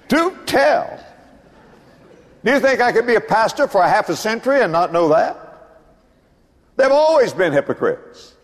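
An older man preaching a sermon as pastor in a church, swinging between booming lines and hushed asides. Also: big-room sound. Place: church building.

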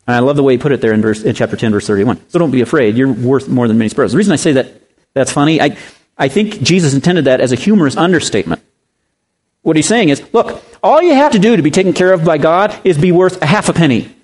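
A man's voice: expressive, fast talker, a little mellow. A man preaching a sermon, emphatic and repetitive, firing rhetorical questions at his listeners. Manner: pitch swings widely for emphasis.

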